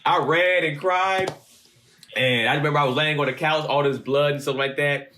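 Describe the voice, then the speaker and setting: Animated storytelling man in his thirties. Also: fairly high pitch, moderate pace. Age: 30s. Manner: animated storyteller, swears freely. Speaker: podcast co-host. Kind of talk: casual chat.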